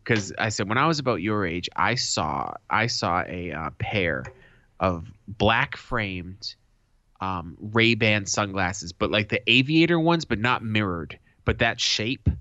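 Low-voiced, hard-edged man telling stories. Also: unhurried, no room sound. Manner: animated, profane storytelling. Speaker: podcast co-host. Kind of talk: casual chat. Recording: dull lo-fi sound.

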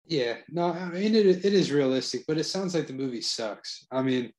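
A man's voice: a little high, lively intonation, normal speed, darkish tone. Laid-back bantering man. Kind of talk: casual chat.

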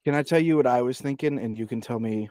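A man's voice: mid-range voice, fast, warm tone, no room sound. A man playing a tabletop game, talking earnestly and slipping between his character and plain table talk. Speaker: player.

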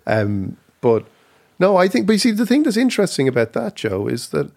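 A man, co-hosting a podcast, who thinks out loud with many pauses and restarts. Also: high voice, huge pitch swings, creaky. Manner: hesitant, full of fillers and restarts while thinking aloud. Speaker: podcast co-host. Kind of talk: casual podcast debate.

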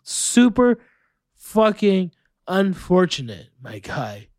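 This is a podcast host from Orlando, Florida, USA, giving casual solo commentary in a high-pitched, excitable voice as he rants about the news and swears freely. He takes it slowly, and the recording is dry and close with no room sound.

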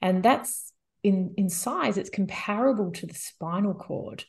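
Woman guest, mid-pitched, calm and steady, explains at length. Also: a little slow. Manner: calm, explains steadily with frequent "you know". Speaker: guest expert. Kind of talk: explanatory interview talk.

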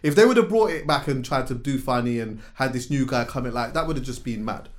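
A man co-hosting a podcast, retelling a show in animated, slangy casual chat. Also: mid-range voice, quick pace. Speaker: podcast co-host.

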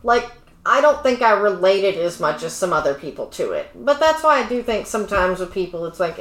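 A woman chatting casually on a podcast, blunt and opinionated, her talk full of fillers. Her voice has a middle pitch and sounds a little roomy. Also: fairly bright tone. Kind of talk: casual chat. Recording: echoey room.

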